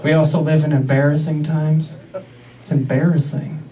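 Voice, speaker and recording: A man's voice: fairly high pitch, little pitch movement, normal speed, distant mic, crowd noise, poor audio. A young man in his twenties doing a stand-up set in a comedy club, sarcastic and crude with mock-outraged asides.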